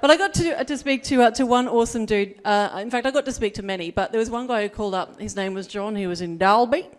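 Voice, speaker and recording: Australian woman, stand-up comic, chatty storytelling, fairly high voice. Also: fast. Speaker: stand-up comedian. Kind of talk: stand-up comedy set. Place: comedy gala stage.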